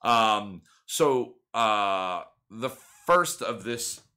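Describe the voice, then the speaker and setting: A man's voice: on the low side, animated, very slow, sharp tone. A young man in his twenties hosting a podcast, chatting casually and rambling with many fillers and restarts. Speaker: podcast host. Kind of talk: casual chat.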